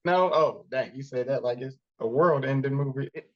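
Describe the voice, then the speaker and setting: Man, podcast co-host, casual movie chat, animated, laughs often, mid-range voice, muffled lo-fi sound. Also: medium pitch, normal speed. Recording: dull lo-fi podcast audio.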